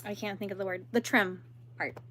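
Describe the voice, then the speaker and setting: A woman's voice: medium pitch, fairly even intonation, brisk, fairly bright tone, a little hiss or hum. A young woman hosting a crochet livestream, chatting casually and laughing while she answers viewers and works.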